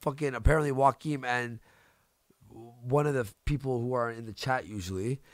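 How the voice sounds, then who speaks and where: Gravelly, ranting man. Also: medium pitch, normal speed, no room sound, clean studio sound. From Canada. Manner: ranting, profane, repeats himself. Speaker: streamer host. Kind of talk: heated casual chat.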